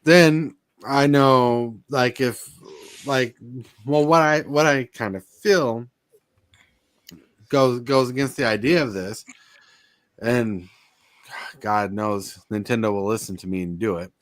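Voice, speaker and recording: A man's voice: slow pace, pauses often, no room sound. A man co-hosting a casual podcast chat, rambling with lots of fillers and repeated words. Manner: rambling, repeats himself, gets defensive and shrill. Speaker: podcast co-host.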